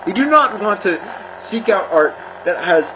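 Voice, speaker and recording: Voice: mid-range voice, big pitch swings, measured pace. A person delivering an angry, profane rant, swearing constantly and repeating themselves as they build up steam. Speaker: commentator. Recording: dull lo-fi with clear noise.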